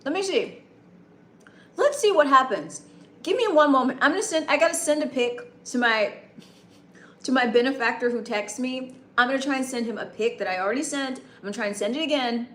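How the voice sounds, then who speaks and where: A woman's voice: sits high, a little fast, fairly bright tone. Chatty streamer woman, echoey room. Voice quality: broadcaster-like voice. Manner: rambling, chatty, greets chatters by name. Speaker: live streamer. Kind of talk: casual late-night chat with viewers.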